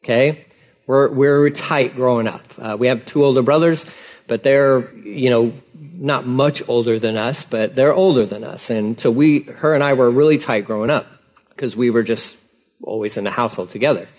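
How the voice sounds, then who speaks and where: Casual, animated male pastor preaching. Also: mid-range voice, moderate pace. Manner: casual, conversational preaching with animated acted-out dialogue. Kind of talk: sermon.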